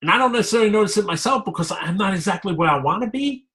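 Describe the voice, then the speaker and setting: A man's voice: sits high, animated, very fast, a bit bright, rough recording. A man being interviewed about his work as a fitness coach, talking candidly and rambling, often repeating himself. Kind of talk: casual interview talk.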